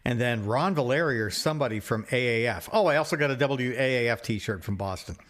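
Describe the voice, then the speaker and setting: A man's voice: medium pitch, animated, a little fast, fairly bright tone. A middle-aged man co-hosting a podcast, telling stories in casual chat, swearing freely and repeating himself. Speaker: podcast co-host.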